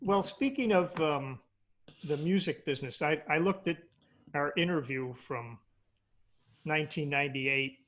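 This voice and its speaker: A man's voice: a little high, lively intonation, unhurried, pauses often, fairly bright tone. A man interviewing a musician over a video call, asking long, rambling questions for a jazz archive.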